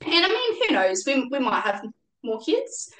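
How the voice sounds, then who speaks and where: A woman with an Australian accent, a podcast guest speaking calmly and reflectively, pausing on fillers. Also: high voice. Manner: reflective, calm, halting with fillers. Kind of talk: casual chat. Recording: echoey room.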